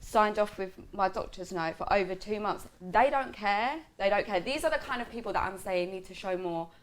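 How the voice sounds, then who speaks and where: A woman tells a story to friends in a relaxed vlog. She talks in a lively, animated way, acting out what each person said. Her voice sits at a middling pitch. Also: normal speed. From South London. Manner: animated, acts out quoted lines, swears. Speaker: vlogger. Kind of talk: casual storytelling chat with friends.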